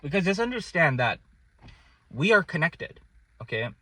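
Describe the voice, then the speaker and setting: Speaking at normal speed in a fairly high voice with no echo, a young man recounts something personal to viewers. He's lively and casual, frequently asking "okay?", his volume swelling and dropping.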